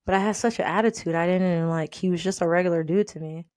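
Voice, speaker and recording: A woman casually telling a personal story, animated and laughing often as she acts out the people in it. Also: on the low side, quick pace, no echo, clean studio sound.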